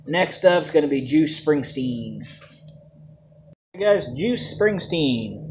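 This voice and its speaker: A man's voice: on the high side, slight background noise. Laid-back man reviewing vape juice. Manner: laid-back, jokey, plain-spoken. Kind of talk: casual product review.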